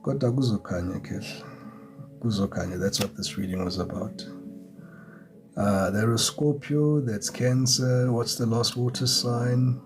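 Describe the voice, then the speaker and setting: A man's voice: mid-range voice, steady tone, a little slow. A man giving a chatty live tarot reading, greeting viewers and chuckling often. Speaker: tarot reader. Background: music.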